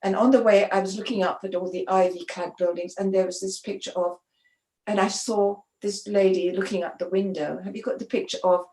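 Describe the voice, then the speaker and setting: Speaking briskly in a mid-range voice, a woman who works as a sports photographer recounts stories during a conversational interview. She's animated and frequently starts her sentences over. There's a roomy echo on the audio.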